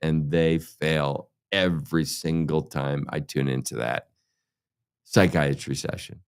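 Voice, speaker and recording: A man's voice: very deep voice, steady tone, slow pace, clean tone. A man hosting a crypto show, ranting heatedly and sarcastically with constant swearing. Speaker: crypto podcast host. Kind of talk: profane ranting monologue.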